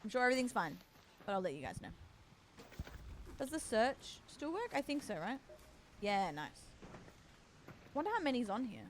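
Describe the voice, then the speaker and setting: A woman's voice: a little high, big pitch swings, normal speed, long pauses, a little hiss or hum. A woman livestreaming a game, chatting casually and reassuringly with her viewers. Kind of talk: casual gaming stream chat.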